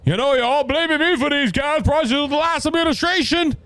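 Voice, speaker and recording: A man's voice: fairly quick, sharp tone, no echo. A man putting on a mocking impression of an elderly male president, folksy and evasive in tone. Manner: exaggerated, mocking impression with higher pitch.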